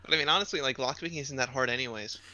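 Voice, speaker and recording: Very bright, dry-sounding young man. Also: mid-range voice, rapid-fire, no room sound, highs cut off. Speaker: podcast co-host. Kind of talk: casual chat.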